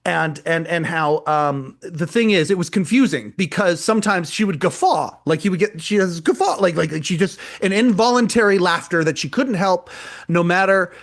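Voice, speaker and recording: A man's voice: high-pitched, animated, moderate pace, vocal fry. A man co-hosting a podcast, retelling a live show in casual chat, rambling and repeating words as he goes. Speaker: podcast co-host.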